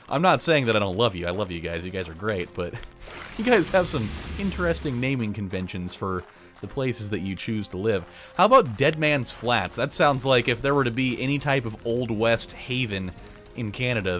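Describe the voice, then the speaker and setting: A man casually riffing and joking as he plays a video game, rambling and laughing at his own lines. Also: mid-range voice. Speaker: gaming channel host. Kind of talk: casual let's play commentary.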